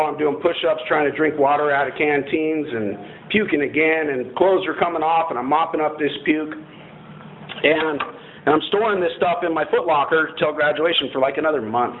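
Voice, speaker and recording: Blunt, self-mocking man on a tinny line. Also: a little high. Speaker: former Marine telling his story. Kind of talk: personal storytelling to an audience. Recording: tinny phone-like line, faint noise.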